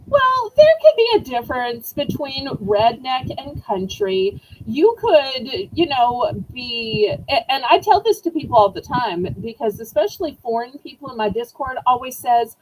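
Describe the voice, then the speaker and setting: Southern-accented woman, live-stream auction host, high and very animated, bubbly and chatty with viewers. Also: a little slow, hardly any pauses, slight background noise, low-quality recording. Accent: Southern American. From Southern United States. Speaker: online auction seller.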